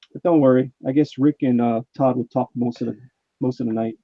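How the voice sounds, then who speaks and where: A man's voice: medium pitch, moderate pace. A man hosts a casual live stream and reads out viewers' chat messages in a chatty way. His mic sounds muffled and dull, with no room echo around the voice.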